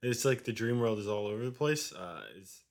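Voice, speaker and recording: A young man in casual chat who teases and cuts in with quick, wry remarks. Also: fairly low pitch, expressive. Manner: teasing, quick wry interjections.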